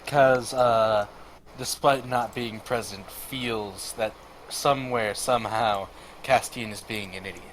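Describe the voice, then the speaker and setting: A man's voice: fairly low pitch, fairly even intonation, slow, a bit bright, slight background noise, rough recording. A man playing a tabletop game, speaking hesitantly with many "uh"s and a wry tone. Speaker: player. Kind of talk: casual tabletop play. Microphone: home mic on a livestream.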